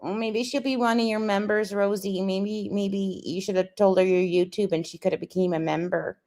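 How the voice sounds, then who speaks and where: A woman's voice: mid-range voice, steady tone, moderate pace, a little mellow. A woman co-host making teasing, sarcastic remarks in casual chat.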